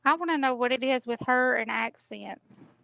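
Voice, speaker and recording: A woman's voice: high voice, moderate pace, gravelly, bright, forceful tone, no echo, poor audio. A woman on a livestream panel retelling what someone said, in a gossipy way. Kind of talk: casual livestream chat.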